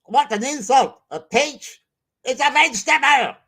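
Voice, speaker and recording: Squeaky brussels sprout, dopey and rowdy, slow drawl. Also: male voice, expressive, bright, forceful tone, heavily acted. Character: rowdy Scottish Brussels sprout man, simple-minded. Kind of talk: improvised comedy bit.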